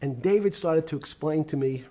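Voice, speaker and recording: Brief: older man with a husky, dark voice telling slow business anecdotes. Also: fairly high pitch. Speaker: interviewee in a played clip. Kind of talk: reminiscing storytelling.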